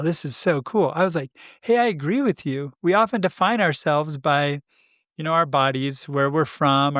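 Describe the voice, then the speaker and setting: A man co-hosting a podcast, telling a story in a casual, animated way, acting out quoted dialogue and laughing often. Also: a little high, no echo, studio quality. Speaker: podcast co-host.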